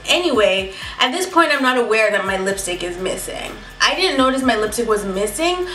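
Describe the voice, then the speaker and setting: A woman telling a story in a casual, animated and profane way. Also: fairly high pitch. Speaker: beauty vlogger telling a story. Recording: echoey room, mic at a distance.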